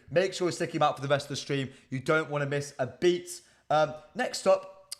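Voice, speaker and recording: A man hosting a casual football live stream, chatting straight to his viewers with frequent ums. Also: on the high side. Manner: chatty, addresses chat directly, frequent ums. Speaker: livestream host.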